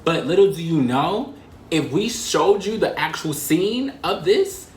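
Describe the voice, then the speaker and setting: A man in his twenties telling an embarrassing story in a fast, animated and profane way, full of slang and "like" fillers. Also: on the high side. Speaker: vlogger. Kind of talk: casual storytime. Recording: roomy echo.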